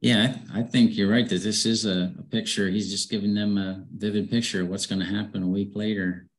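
A man's voice: fairly low pitch, level tone, brisk, low-quality recording. A man leading a casual group Bible study, asking questions and thinking aloud with frequent restarts.

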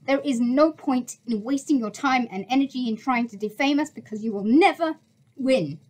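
A woman's voice: fairly high pitch, darkish tone, low-quality recording. A woman vlogger delivering an angry, indignant rant, swearing and stumbling over her words as she restarts sentences. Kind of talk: angry ranting monologue.

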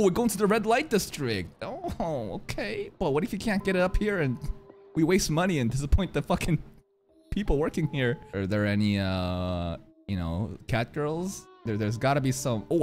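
An anime reactor talks through an episode in loose, profane commentary, with a voice that leaps all over its range. They break into laughter often and egg the characters on. Faint music plays underneath. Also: mid-range voice. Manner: excitable, swears a lot, laughs often. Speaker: anime reaction channel host.

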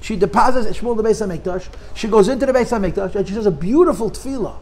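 A man's voice: high voice, quick pace, a little mellow. A man teaching a conversational Torah class, emphatic, asking rhetorical questions and repeating words as he rephrases.

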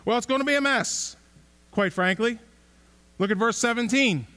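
This pastor's voice is extremely high, pushed and bright, delivered at a moderate pace. Preaching conversationally in a church sanctuary, he asks rhetorical questions and repeats points for emphasis.

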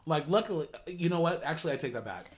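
A man's voice: a little high, big pitch swings, fast talker. A young adult man, a co-host, telling a casual story at home while eating on camera, rambling with lots of ums and restarts. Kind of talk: casual storytelling during a mukbang.

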